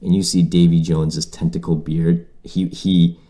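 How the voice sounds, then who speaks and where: A man's voice: deep voice, little pitch movement, normal speed, dark tone. A Canadian man hosting a casual solo podcast, rambling and swearing freely as he restarts his thoughts. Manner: rambling, profane, self-correcting. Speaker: podcast host.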